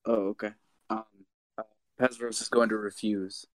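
A man's voice: on the low side, flat delivery, moderate pace. A man playing in an online tabletop game, joking goofily over a voice call. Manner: goofy, joking. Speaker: player. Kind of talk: casual game chat.

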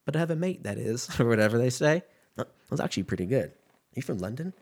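A man's voice: mid-range voice, sing-song, quick pace, darkish tone. A man hosting a podcast, rambling casually and profanely from one tangent to the next. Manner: loose, profane, jumps between tangents. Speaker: podcast host.

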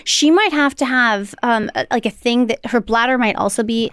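Woman, 40s, podcast co-host: blunt, profane, smooth higher voice, dry close sound. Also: fairly bright tone, no room sound. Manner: blunt, profane, quick to act out quotes. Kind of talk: casual chat.

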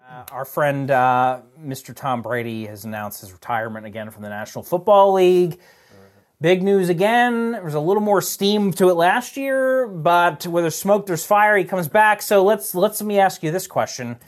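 A man's voice: high voice, animated, normal speed. A man hosting a casual sports podcast, joking and asking the panel playful questions. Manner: jokey, asks playful questions. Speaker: host.

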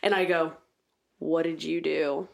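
A woman's voice: sits low, little pitch movement, a little slow, creaky, darkish tone. A woman in her late thirties co-hosting a podcast in casual chat, teasing bluntly and laughing often. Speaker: podcast co-host.

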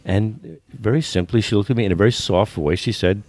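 Older man from the US, very low voice, dry close sound, halting storyteller with repeated words. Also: vocal fry, a little mellow, no echo. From United States. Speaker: guest, football business consultant. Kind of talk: storytelling in a podcast interview.

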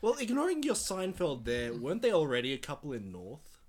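A man co-hosting a casual movie commentary, explaining points dryly and trailing off quietly. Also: a little high, huge pitch swings, brisk. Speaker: podcast co-host.

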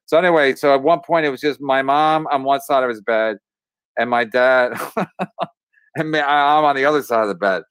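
A man telling a rambling story on a podcast, full of restarts, fillers and pauses. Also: mid-range voice, a bit bright, clear, resonant tone, no echo. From Irish.

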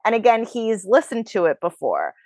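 A woman's voice: a little high, huge pitch swings, normal speed, a little mellow, dry recording. A woman hosting a podcast, chatting frankly and casually about her dating life. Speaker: podcast host. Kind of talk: casual chat. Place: New York.

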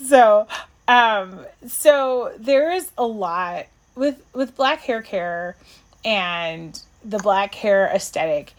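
Woman podcast cohost just chatting, rambly, lots of likes and restarts, gets squeaky when excited, normal mid voice. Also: drawn-out words. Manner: animated, jumps to high pitch when excited. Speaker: podcast co-host. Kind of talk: casual chat reviewing an episode.

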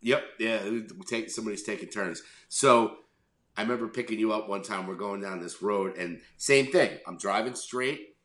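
A man's voice: fairly low pitch, moderate pace, a bit bright. A middle-aged man from New York chatting casually as a podcast co-host, telling a rambling story, swearing freely and acting out voices. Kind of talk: casual chat. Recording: echoey room.

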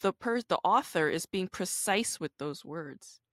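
A woman's voice: fairly low pitch, animated, a little slow, no echo, studio quality. A woman interviewing an author in a casual chat, enthusiastic and affirming as she reflects on the book.

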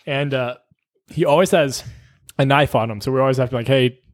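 Laughing young man telling work stories. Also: mid-range voice. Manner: laughing, profane, quotes people in quick dialogue. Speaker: firefighter paramedic. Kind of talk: casual podcast storytelling.

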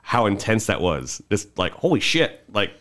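A man on a casual podcast chat whose voice rises and falls a lot as he talks. He is animated and throws in quick asides, swearing freely. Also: lowish voice. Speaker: podcast co-host.

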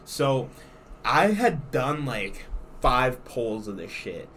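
A man's voice: medium pitch, sing-song, slow pace, fairly bright tone, a little hiss or hum. A young man hosting a podcast in casual chat, telling a rambling story full of crude slang. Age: young adult. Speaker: podcast host.

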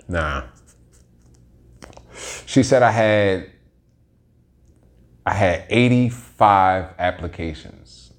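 A man's voice: low voice, very slow, long pauses. A man hosting his own podcast, telling stories in a rambling, slangy, heavily profane monologue. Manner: rambling, slangy, heavy swearing. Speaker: podcast host.

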